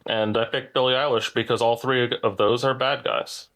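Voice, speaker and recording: A man hosting a pub-style trivia podcast, reading questions in a measured, deliberate way with dry asides. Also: medium pitch, steady tone, fairly bright tone. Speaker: trivia quiz host.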